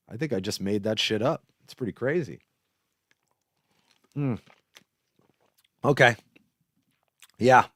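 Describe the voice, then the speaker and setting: A man's voice: lowish voice, no room sound, studio quality. A man hosting a show, telling stories in a casual, profane, rambling monologue. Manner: profane, animated storytelling. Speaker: host.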